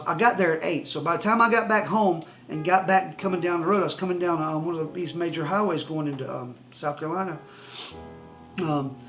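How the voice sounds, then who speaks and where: Excitable man, fairly high voice. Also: low-quality recording. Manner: excitable, rambling, many restarts. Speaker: personal testimony speaker. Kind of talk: telling a personal story to camera. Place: indoors, seated facing the camera.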